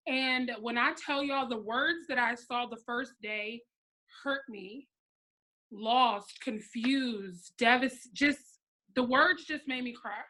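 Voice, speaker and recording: A woman in her thirties with a high, bright voice leads a motivational pep talk for her sales team on a live stream. She is blunt and sassy and stays animated the whole time. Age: 30s. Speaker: network marketing team leader.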